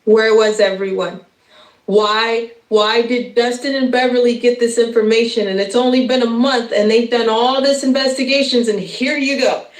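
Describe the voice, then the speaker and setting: Woman in her thirties, fairly high voice, impassioned live-stream speech, emotional and stumbling, echoey room. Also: steady tone, normal speed. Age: 30s. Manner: emotional and stumbling, with nervous laughs. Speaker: guest speaker on a live stream.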